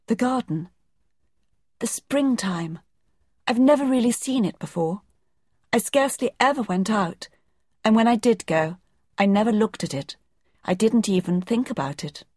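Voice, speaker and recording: A woman's voice: lowish voice, lively intonation, normal speed, a little mellow, no room sound, clean studio sound. A woman voicing a sickly, imperious young boy who gives lordly commands in a storybook reading. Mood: wistful.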